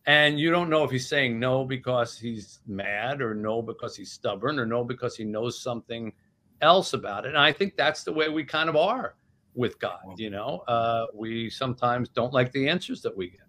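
A man in his sixties, an author, chats casually about his book in an interview, acting out scenes with different voices as he goes. His mid-range voice moves at a normal speed and sounds pushed and bright, in the style of animated conversational storytelling.

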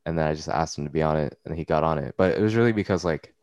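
A man's voice: a bass voice, racing, a little mellow, no echo. A young man hosting a podcast, talking loosely with lots of slang and swearing. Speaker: podcast host. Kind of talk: casual chat. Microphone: computer mic.

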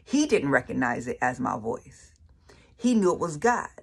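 Her voice rumbles low and sing-song at a moderate pace, creaky with a breathy edge. She's a faith speaker preaching her own testimony casually and colloquially, stressing and repeating phrases for effect.

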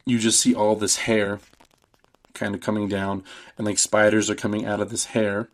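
A man's voice: lowish voice, little pitch movement, normal speed. Rambling man recapping a horror film. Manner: rambling, swearing, acts out quotes with laughs. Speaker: podcast host.

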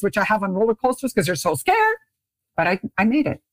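A middle-aged Canadian woman who founded a beauty brand tells a lively story as a guest in a podcast interview. Speaking fairly quickly on a dry recording, she acts out quoted voices with big jumps in pitch.

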